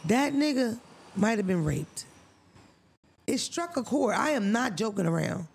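Gravelly, blunt, profane man co-hosting a podcast. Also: high voice, unhurried. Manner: blunt, profane, animated storytelling. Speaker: podcast co-host. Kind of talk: casual podcast chat.

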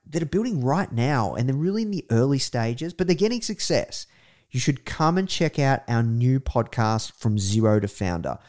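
A man's voice: mid-range voice, darkish tone. Upbeat male podcast host. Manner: upbeat, conversational. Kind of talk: interview host and ad read.

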